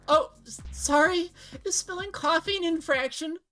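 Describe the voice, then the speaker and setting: A woman voicing a clumsy young office worker in a game, squeaky and frantically apologetic. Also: normal speed, bright, forceful tone, faint music behind. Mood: frantic.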